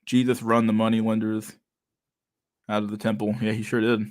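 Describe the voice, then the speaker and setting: A young man hosts a casual livestream chat, reading out messages from viewers with a lisp, a stutter and plenty of filler words. His voice is fairly low and monotone, moving at a moderate pace. The studio recording is clean, with no echo.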